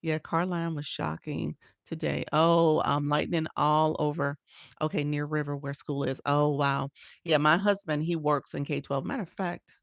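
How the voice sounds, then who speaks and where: A woman's voice: sits low, level tone, moderate pace, vocal fry, no room sound, studio quality. A woman coach chatting with viewers on a live stream, laughing often and greeting people by name, speaking into a phone. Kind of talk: casual TikTok live chat.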